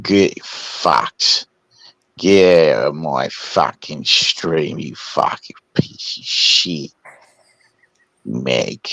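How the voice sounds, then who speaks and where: A man putting on a drunk, belligerent bloke with a put-on Australian accent, growling and swearing slowly. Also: extremely low pitch, lively intonation, creaky, bright, forceful tone, no echo, voice pushed down, full character voice.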